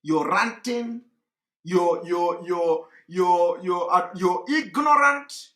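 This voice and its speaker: A man giving impassioned political commentary, fervent and repetitive, often breaking into shouts. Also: high voice, animated, slow. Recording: echoey room.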